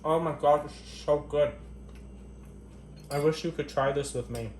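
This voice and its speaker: A man's voice: a little high, steady tone, measured pace, a little hiss or hum. A man doing a casual kitchen vlog at home, joking crudely and profanely to the camera, murmuring happily as he tastes his cooking. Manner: tasting food between lines with appreciative murmurs. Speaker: cooking vlogger. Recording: echoey kitchen.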